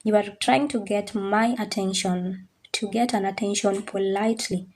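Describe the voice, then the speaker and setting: A woman's voice: mid-range voice, steady tone, darkish tone. Patient woman teaching French phrases. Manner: patient, drills pronunciation slowly, checks understanding. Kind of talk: online language lesson.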